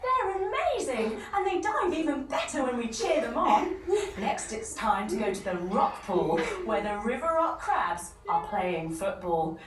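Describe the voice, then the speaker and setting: A woman leads children through a yoga story, playful and full of chants. Her voice sits high and swoops about with lots of movement. The recording is echoey and distant, with steady noise in the background. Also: measured pace, a crowd in the background. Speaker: day camp leader.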